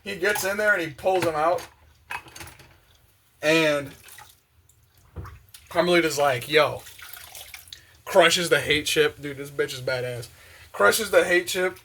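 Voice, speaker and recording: A young man chatting casually and excitedly, full of slang and fillers, while doing the dishes in his kitchen. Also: fairly high pitch, unhurried, long pauses, a little hiss or hum. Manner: excited, slangy, many fillers, acts out quotes. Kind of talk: casual rambling monologue. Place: home kitchen with open windows.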